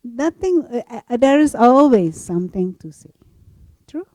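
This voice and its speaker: A woman meditation teacher telling a story in a gentle spiritual talk, laughing softly now and then. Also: on the high side, very animated, no room sound. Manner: slow, gentle storytelling with frequent soft laughs.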